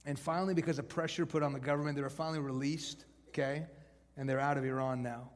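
A man preaching an evangelistic sermon to college students, conversational and shifting from hushed to loud and emphatic. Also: medium pitch, fairly even intonation, quick pace. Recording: long hall reverb.

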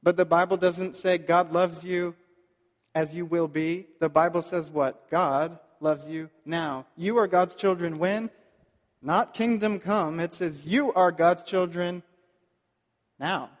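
A man preaching a sermon as pastor, earnest and pleading, slowing down to stress key points. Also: high voice, steady tone, long reverb tail. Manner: earnest, pleading, slows down for emphasis.

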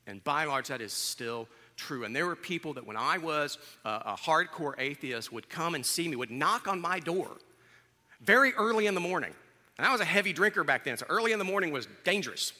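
A man's voice: fairly high pitch, lively intonation, brisk, sharp tone, big-room sound. A man in his fifties, a pastor, giving a candid, conversational sermon in a church. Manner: candid, conversational, self-deprecating. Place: church sanctuary.

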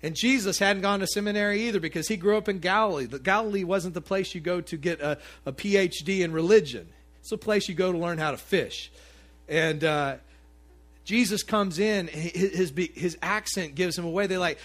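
Speaking at normal speed in a high voice, a pastor delivers a sermon to his congregation. He keeps it conversational and animated, adding asides to his listeners.

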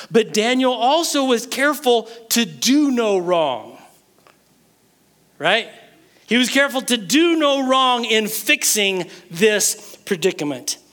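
A man preaching a sermon, retelling a Bible story in an animated way and acting out the characters' words. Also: high voice. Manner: animated storytelling, acts out the king's and Daniel's words. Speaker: pastor.

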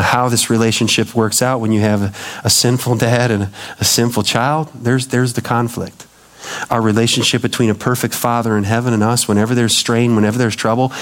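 A middle-aged male pastor preaching a sermon, telling stories with lively acted-out quotes. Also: fairly low pitch. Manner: animated storytelling, acting out quoted voices.

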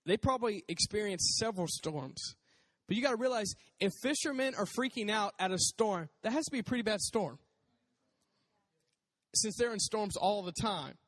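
A man preaching a casual sermon in a conversational, animated way, acting out voices as he talks. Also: high-pitched, normal speed, big-room sound.

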